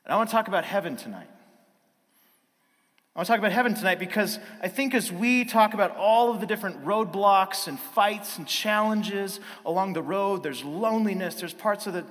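Bright-voiced male pastor in a reverberant hall. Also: sits high, a little fast. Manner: storytelling, acts out his kids' voices. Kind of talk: sermon with personal story.

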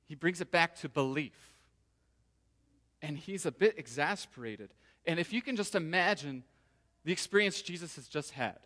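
A man preaching a sermon to his congregation in a relaxed, conversational way, sometimes voicing the people in the story. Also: high-pitched. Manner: conversational, acts out quoted voices. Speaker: pastor. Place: church sanctuary. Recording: long hall reverb.

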